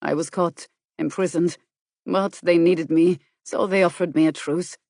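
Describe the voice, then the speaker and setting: A woman reading an audiobook, voicing a quiet, gentle and earnest man who is back from prison. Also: fairly low pitch, fairly even intonation, measured pace, dry recording, clean studio sound. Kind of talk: audiobook character voice.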